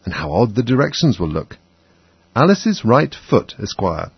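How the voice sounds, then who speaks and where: A man's voice: lowish voice, sing-song, a little slow, creaky, breathy edge, dry recording, exaggerated voice. A man voicing a curious little girl who talks to herself, frets and scolds herself, in a dry, dull audiobook reading. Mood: fretful.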